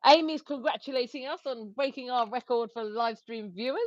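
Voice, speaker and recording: A woman's voice: on the high side, brisk, no room sound, lo-fi sound. A woman co-hosting a casual livestream, giggling as she reads viewer comments aloud. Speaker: livestream co-host.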